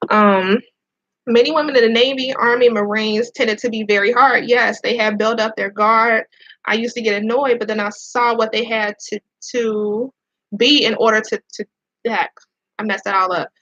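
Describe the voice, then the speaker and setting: Woman, near tears, candid and profane, bright higher voice, dull lo-fi sound. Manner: candid, profane, repeats herself. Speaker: Navy veteran and police officer. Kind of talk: emotional personal storytelling to viewers.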